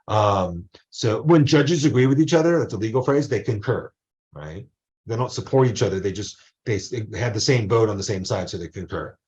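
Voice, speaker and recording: A man's voice: lowish voice, lively intonation, moderate pace, darkish tone, highs cut off. A male college professor giving a casual online lecture, rambling into asides and acting out quotes.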